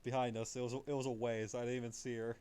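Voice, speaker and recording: A man chatting casually while leading friends through an online game, explaining mechanics in a relaxed way with the odd swear. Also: mid-range voice, rapid-fire, smooth. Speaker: gamer leading the group. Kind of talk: casual chat while gaming.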